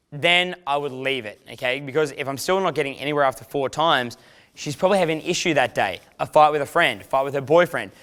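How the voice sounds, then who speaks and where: Aussie guy coaching on dating, slightly high voice, super clear, loose and sweary. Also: a bit bright. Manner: casual, swearing, acts out quoted lines. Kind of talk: instructional talk.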